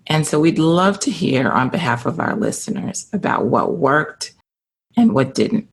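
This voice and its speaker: Very low, gravelly-voiced woman host. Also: big pitch swings, unhurried, a little hiss or hum. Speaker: podcast host. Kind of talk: interview questions.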